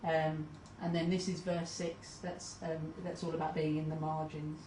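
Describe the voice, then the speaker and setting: A woman's voice: deep voice, little pitch movement, normal speed, mellow, slight background noise. A woman giving a talk, hesitant and full of ums, reading out quotes as she goes. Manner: hesitant, many ums, reads quotes aloud. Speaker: conference speaker. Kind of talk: presentation talk. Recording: roomy hall recording from a distance.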